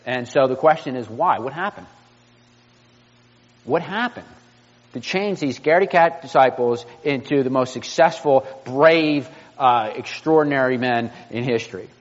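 Man preaching in a reverberant hall. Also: medium pitch. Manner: earnest preaching with rhetorical questions and restarts. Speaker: pastor. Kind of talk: sermon. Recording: muffled, reverberant room sound.

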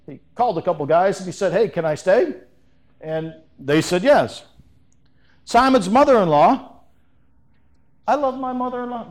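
A middle-aged pastor with a high-pitched voice preaches a sermon in a lively, conversational way, frequently restarting his sentences.

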